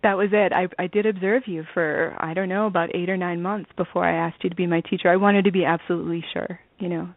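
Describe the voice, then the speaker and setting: A woman's voice: on the low side, fairly even intonation, quick pace, hardly any pauses, no echo. A woman interviewed as a student guest, talking earnestly and laughing readily, over a dry, tinny phone line.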